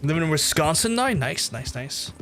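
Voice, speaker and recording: A man from Northern Ireland with a softened Belfast accent, chatting casually and swearing freely through his own game stream, restarting his sentences often. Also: a little high, very animated, normal speed. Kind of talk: casual gameplay commentary.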